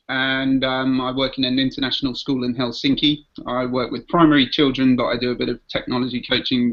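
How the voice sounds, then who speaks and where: Relaxed man teacher on a call. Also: medium pitch. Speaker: primary teacher. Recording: lo-fi online call audio.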